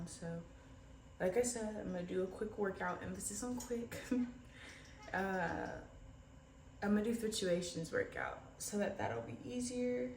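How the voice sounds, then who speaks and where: A young woman vlogging at home, talking in a candid, rambling and low-spirited way. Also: vocal fry. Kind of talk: casual diary vlog. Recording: roomy echo, distant from mic, faint ambient noise.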